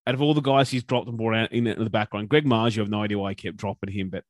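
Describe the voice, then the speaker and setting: A man's voice: fairly low pitch, very fast, no room sound, studio quality. Opinionated Australian man ranting. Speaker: podcast co-host. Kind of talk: casual sports chat.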